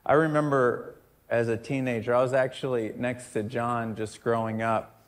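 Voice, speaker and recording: A man's voice: mid-range voice, little pitch movement, moderate pace. A man preaching in a church service, telling stories conversationally with emphatic repetitions. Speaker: pastor. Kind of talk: sermon.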